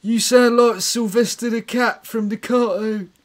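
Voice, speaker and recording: A man's voice: very high voice, steady tone, measured pace. A man hosting a comedy show, trading mock-tough banter and playful threats. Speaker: comedy podcast host. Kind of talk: improvised comic banter.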